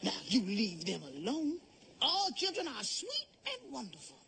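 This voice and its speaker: A woman's voice: high-pitched, wildly swooping pitch, measured pace, gravelly, a bit bright, exaggerated voice. Gushing older grandmother. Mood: doting. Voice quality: cooing and gushing, with teasing jabs. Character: doting, teasing older grandmother, affectionate and bossy. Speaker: visiting grandmother. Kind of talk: sitcom acting. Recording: noisy TV soundtrack.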